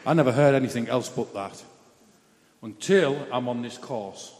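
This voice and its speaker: A man's voice: mid-range voice, normal speed, a little mellow, big-room sound. A man giving a personal testimony in a chatty, blunt, self-mocking storytelling way.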